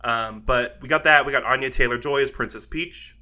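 A man's voice: mid-range voice, a little fast, pushed and bright. A man hosting a podcast in casual chat, upbeat and laughing often. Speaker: podcast host.

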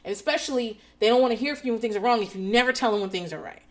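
A woman's voice: on the high side, rapid-fire. A woman in a rambling, casual chat, sarcastic and heavy on profanity.

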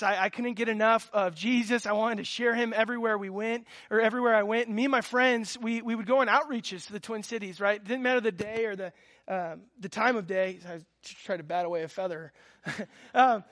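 High-voiced earnest male preacher. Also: fairly bright tone. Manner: earnest storytelling preacher, fervent. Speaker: pastor. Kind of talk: sermon.

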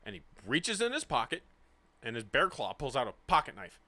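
A young man co-hosting a casual podcast, telling a story with lots of swearing and acting out the people in it. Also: brisk. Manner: animated, acts out quoted people with big pitch jumps, swears freely.

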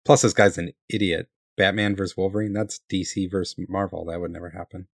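Very deep-voiced man, dry close sound. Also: little pitch movement, brisk, dry recording. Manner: laughs often, reads listener letters aloud. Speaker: podcast co-host reading letters. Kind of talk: casual chat.

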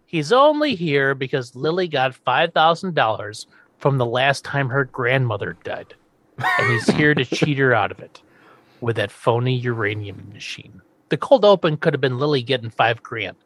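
A man's voice: mid-range voice, lively intonation, normal speed, fairly bright tone, dry recording. A man casually recapping a TV episode on a podcast, quoting the characters and laughing often. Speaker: podcast host.

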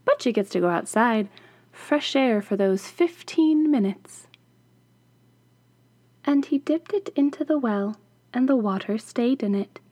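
A woman's voice: medium pitch, dark tone, no echo. A woman hosting a podcast, reading a fairy tale aloud and adding chatty, wry asides. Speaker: podcast host and storyteller.

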